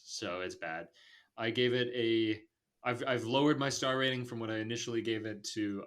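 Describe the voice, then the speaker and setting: A man's voice: on the low side, a bit bright. A man hosting a podcast, talking loosely with lots of fillers and giving blunt movie opinions. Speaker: podcast host. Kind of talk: casual movie review chat.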